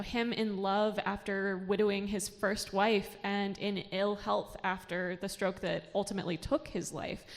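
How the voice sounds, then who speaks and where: A woman hosting a library author talk, asking measured, thoughtful questions. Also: medium pitch. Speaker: library event host, interviewer. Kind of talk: interview questions. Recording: long hall reverb.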